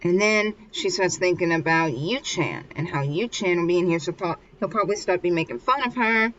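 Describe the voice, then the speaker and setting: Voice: mid-range voice, a little fast, a bit bright. A vlogger casually retelling a comic chapter, rambling loosely with lots of filler and restarts. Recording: muffled with faint hiss.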